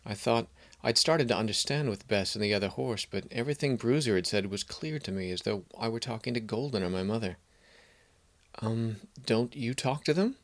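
A man narrating a fantasy story in a measured, even storytelling manner. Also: fairly low pitch.

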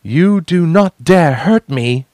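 A man voicing a winged young woman who speaks boldly and defiantly, in a high, strained voice. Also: lively intonation, unhurried, no echo, natural voice. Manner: bold, commanding, pleading.

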